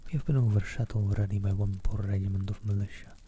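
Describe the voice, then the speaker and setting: A man reading aloud in a soft, half-whispered voice as a sensible, wry young woman. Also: on the low side, fairly even intonation, fast talker, slight background noise, close to an everyday voice.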